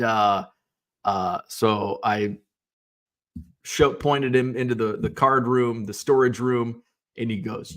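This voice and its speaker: A middle-aged man casually telling a story in his home basement, rambling with lots of fillers and restarts and the odd swear word. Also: medium pitch. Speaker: card collector and seller. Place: home basement shipping room.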